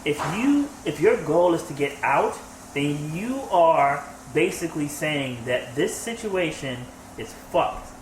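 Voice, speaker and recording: A man co-hosting a casual podcast discussion, relaxed and agreeable, paraphrasing what others said. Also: a little high. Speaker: podcast co-host. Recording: echoey room with faint hiss.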